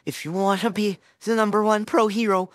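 A woman's voice: medium pitch, fairly even intonation, a little fast, dry recording, clean studio sound, lightly acted. A woman voicing a flustered teenage boy hero-in-training, rambling anxiously and talking himself up in a listener role-play. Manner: rambling, anxious, self-encouraging.

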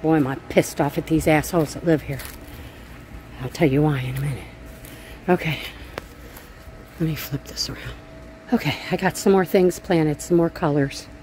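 A middle-aged woman with a lowish voice talks straight into a phone as she walks her backyard garden outdoors. She is blunt and foul-mouthed, venting her anger between remarks on her plants. A faint outdoor hum sits under her voice. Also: moderate pace, pauses often, a little mellow. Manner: blunt and profane, venting angrily. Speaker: vlogger. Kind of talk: casual gardening vlog. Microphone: handheld phone camera.

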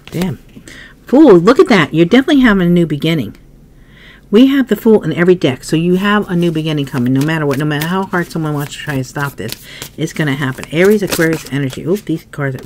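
A woman with a fairly low voice talks through a tarot spread, thinking aloud and pausing to cough or clear her throat. A faint hiss sits under the recording. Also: darkish tone. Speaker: tarot reader. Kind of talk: casual tarot reading.

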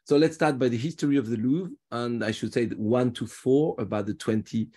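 A man's voice: medium pitch, fairly quick, warm tone, slightly rough. French man guiding a virtual tour. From France. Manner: chatty, restarts often. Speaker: tour guide. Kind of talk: live virtual tour talk. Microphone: video call.

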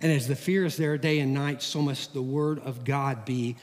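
A middle-aged man, a pastor, preaching a sermon in a church, with a folksy, animated manner and homey everyday stories. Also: mid-range voice, moderate pace. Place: church sanctuary. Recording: long hall reverb.

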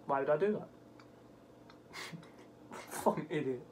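A man commentating a golf video game, swearing often and yelping at bad bounces, his voice cracking into high squeaks. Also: measured pace, noisy background. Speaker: gaming channel host. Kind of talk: let's play commentary.

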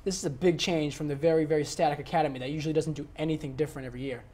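A man's voice: a little high, fairly even intonation, rapid-fire, warm tone. A man co-hosting a casual movie debate, arguing emphatically with lots of fillers and repeated words. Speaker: co-host.

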